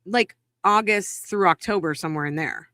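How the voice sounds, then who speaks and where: A woman's voice: lowish voice, moderate pace, pushed and bright, no room sound, studio quality. A woman from Massachusetts co-hosting a podcast in casual chat, heated and indignant, swearing for emphasis. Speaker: podcast co-host.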